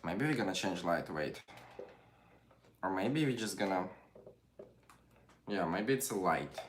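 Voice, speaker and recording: A man's voice: deep voice, expressive, measured pace, slight background noise. A young man with a Ukrainian accent, chatting casually on a livestream and reading viewer comments aloud. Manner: chatty, reads comments aloud, non-native phrasing. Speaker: livestream host.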